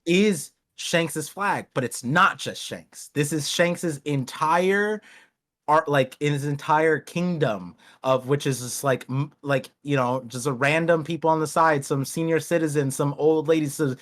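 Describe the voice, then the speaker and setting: A man's voice: a little high, unhurried, a bit bright. A man hosting a podcast in casual chat, rambling with many restarts and acting out characters. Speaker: podcast host.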